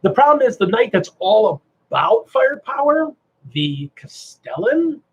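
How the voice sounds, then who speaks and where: A man hosting a casual livestream chat, animated and asking himself rhetorical questions. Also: very high-pitched, measured pace, slightly rough, muffled recording. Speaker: stream host.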